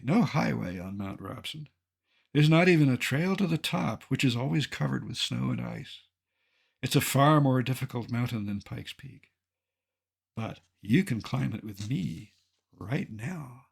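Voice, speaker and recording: An older man tells his climbing story over a slideshow, his voice gravelly with a husky edge. He keeps a mid-range pitch and reads from a script. His humor is dry and deadpan. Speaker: mountaineer narrating a slideshow. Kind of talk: scripted narration.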